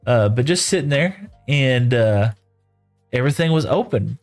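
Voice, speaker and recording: A man's voice: mid-range voice, lively intonation, unhurried, faint music behind. A middle-aged man from West Texas, telling a long rambling story in a folksy, casual way while streaming, full of "you know" and "right?".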